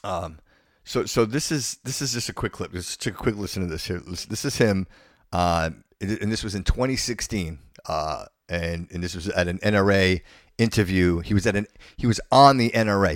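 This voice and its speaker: A man's voice: sits low, moderate pace, no echo, studio quality. A man hosting a podcast, giving an indignant, opinionated rant and often stammering and repeating himself. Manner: stammering, repeats words and restarts phrases. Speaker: podcast host.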